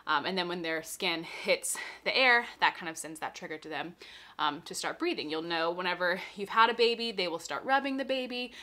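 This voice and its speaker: A woman's voice: lowish voice, lively intonation, fairly quick, sharp tone. A young pregnant woman, a little out of breath, casually explaining and reassuring as she answers viewer questions.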